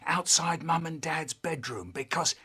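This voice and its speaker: A man's voice: on the high side, measured pace, pushed and bright, husky. A man telling a childhood story in sentence-mixed clips, jumping into character voices.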